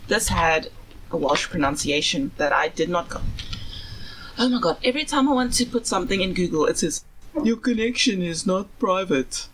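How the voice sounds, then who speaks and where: A woman's voice: on the low side, expressive, normal speed, fairly bright tone, a little hiss or hum, rough recording. Giggly rambling young woman. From South Africa. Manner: giggly, self-deprecating, rambling. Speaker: podcast co-host. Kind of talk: casual chat.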